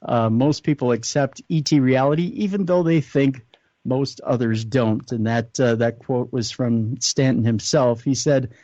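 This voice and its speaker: A man in the host's chair of a late-night radio show talks at an everyday pitch, earnest and unscripted. He often pauses mid-sentence to find his words. The sound is dry and close, with dull lo-fi radio audio. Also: dark tone, dry recording. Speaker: radio talk show host.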